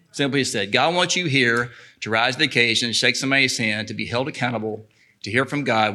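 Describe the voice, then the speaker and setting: A middle-aged man, leading a church service in a lively, chatty way, reading scripture and praying. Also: medium pitch. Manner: lively, chatty, laughs easily. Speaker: pastor. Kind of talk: church announcements and prayer.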